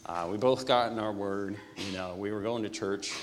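A man speaking his testimony in a relaxed, conversational way, with a lowish voice. The sound rings with hall reverb, and faint noise is behind him. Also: normal speed. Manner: casual, conversational. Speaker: church member giving testimony. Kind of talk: spoken testimony.

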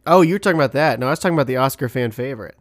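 A man's voice: medium pitch, lively intonation, rapid-fire, no room sound, studio quality. A man co-hosting a podcast in casual chat, with a wry, questioning way of talking. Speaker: podcast co-host.

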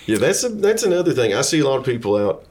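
A man who is a touring rock singer and guitarist, guest on a casual chat, telling relaxed anecdotes. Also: medium pitch, quick pace.

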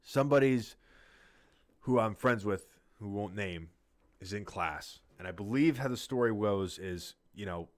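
A man with a somewhat low voice tells a long, rambling story in casual conversation. He swears freely and keeps circling back to his points. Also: unhurried. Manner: rambling, profane, animated storyteller.

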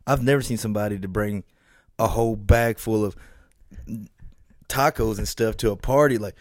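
A man's voice: lowish voice, moderate pace, long pauses, no room sound, clean studio sound. A man, co-hosting a podcast and telling a story with lots of swearing. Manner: profane, animated storyteller. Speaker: podcast co-host. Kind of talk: casual storytelling chat.

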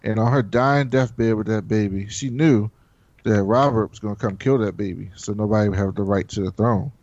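A man in casual chat with a friend, retelling events in an animated way and acting out what each person said. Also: fairly low pitch, moderate pace, no room sound, dull audio. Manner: animated storyteller acting out characters' lines. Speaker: podcast co-host recapping a TV episode.

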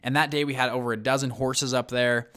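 Guy telling a story, super animated, lots of "like" and "you know", mid voice. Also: medium pitch, a little fast, clean tone. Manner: animated, many fillers and restarts, acts out quotes. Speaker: guest recounting a search-and-rescue story. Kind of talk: casual spoken storytelling.

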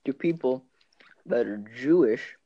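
A man's voice: medium pitch, animated, muffled recording. A man co-hosting a casual comedy podcast, quizzing his co-host with stammering restarts. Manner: quizzing, stammering, quick to laugh.

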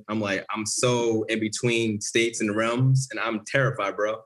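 A man's voice: lowish voice, flat delivery, moderate pace, fairly bright tone. A man as an interview guest, telling a personal story in an earnest, vivid way.

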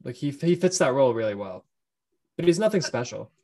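A man co-hosting a movie podcast with an ordinary mid-pitched voice. He chats in a relaxed, agreeable way and often hesitates before giving his take. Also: brisk. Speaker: podcast co-host. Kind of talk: casual movie chat.

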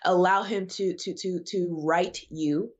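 A woman's voice: lowish voice, fairly even intonation, slow, highs cut off. A woman speaking as a guest evangelist, preaching in an emphatic way that repeats phrases for emphasis. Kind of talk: preaching in a podcast conversation.

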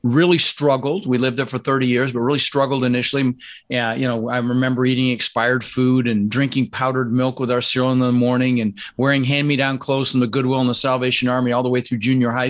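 Man, from the Netherlands, interview guest, energetic, emphatic, pitch rising when excited. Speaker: podcast guest, real estate investor. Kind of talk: casual interview talk.

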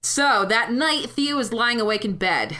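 Bright-voiced woman recapping a film. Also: fairly high pitch, lively intonation, a little slow. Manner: retells scenes with acted-out quotes, frequent "like". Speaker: podcast co-host. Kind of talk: casual film recap chat.

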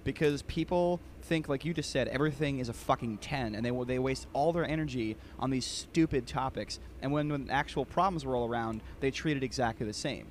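A man's voice: medium pitch, brisk, hardly any pauses, a little hiss or hum. A man talking as a guest on a casual podcast, chatty and full of restarts. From United States.

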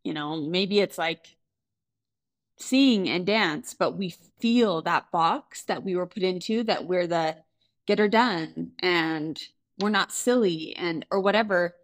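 A woman's voice: lowish voice, slow. A woman co-hosting a parenting podcast, speaking in a reflective, supportive way. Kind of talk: casual parenting podcast chat.

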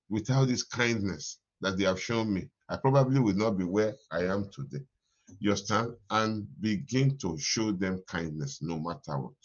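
A man preaching an animated morning devotion sermon as pastor, repeating his phrases and laughing often. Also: fairly low pitch, muffled recording.

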